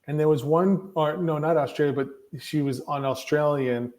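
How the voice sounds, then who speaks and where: A man's voice: on the high side, normal speed, a little mellow. A man appearing as a guest coach on a podcast, talking casually and correcting himself as he recalls details. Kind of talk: casual conversation.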